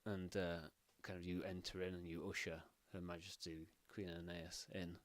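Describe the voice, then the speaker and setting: A man's voice: low-pitched, flat delivery, moderate pace. A man narrating as game master, rambling with many fillers.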